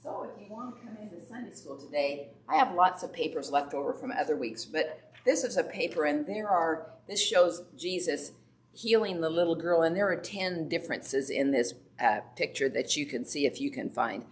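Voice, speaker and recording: A woman's voice: low voice, animated, normal speed. A woman Sunday school teacher telling a Bible story to children and asking them questions. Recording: echoey room from far off, faint background noise.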